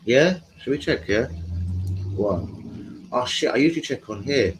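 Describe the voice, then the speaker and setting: A man's voice: medium pitch, animated, a little slow, background noise. A man hosting a live stream from home, chatting casually in a rambling, slangy way and talking to his viewers. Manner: rambling, slangy, talks to chat.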